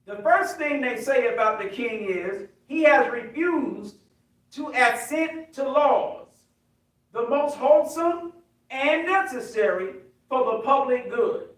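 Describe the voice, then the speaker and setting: An American man, a minister, preaching a sermon with call and response, emphatic and rising to shouts. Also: very high voice, lively intonation, slow. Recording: very echoey hall, distant mic.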